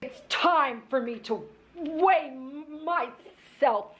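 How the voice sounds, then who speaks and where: High-voiced woman in a dramatic singsong clip. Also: lively intonation, measured pace, fairly bright tone. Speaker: online video creator. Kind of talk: theatrical self-filmed performance video.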